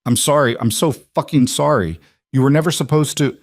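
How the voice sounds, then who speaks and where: A man's voice: medium pitch, normal speed, dry recording, pitched above the performer's own voice, natural voice. A beaten young man pleads through pain, strained and anguished, as a male narrator acts him. The sound is dry and close, a storybook voice.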